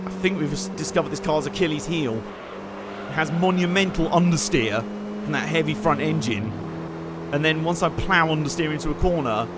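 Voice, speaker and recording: A man giving joking, excitable live commentary while playing a racing game and chatting to his viewers. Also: fairly high pitch. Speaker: streamer. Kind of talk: live let's-play commentary. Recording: game car noise underneath.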